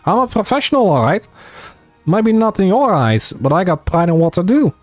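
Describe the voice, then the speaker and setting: A man voicing a brash, boastful young female street thief in a rough put-on British street accent, for a game. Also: high-pitched, very animated, moderate pace, no echo, soft background music, voice pushed up. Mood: proud.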